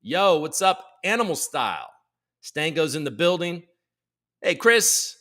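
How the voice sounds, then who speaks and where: Brief: joking male livestream host, a bit high-pitched, bright tone, greets everyone by name. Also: very animated, unhurried. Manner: swears freely. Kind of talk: casual livestream chat.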